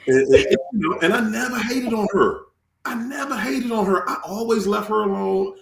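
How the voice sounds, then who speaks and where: A man hosting his channel in casual chat, animated and swearing freely, acting out quoted tirades. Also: sits high, moderate pace, vocal fry, echoey room, crowd noise. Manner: animated, swears, acts out quoted rants loudly. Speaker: channel host.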